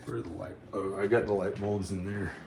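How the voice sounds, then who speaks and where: Low-voiced man muttering in an echoey room. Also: level tone, brisk, vocal fry. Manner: mutters to himself, then rants bitterly. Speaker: vlogger. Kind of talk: rambling monologue to camera. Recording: echoey room with background noise.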